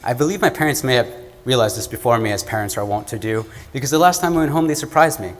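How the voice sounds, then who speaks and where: A young man from the American Midwest giving an earnest, measured, oratorical student speech at an event. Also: medium pitch, animated. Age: young adult. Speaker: student speaker. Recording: long hall reverb, faint room noise.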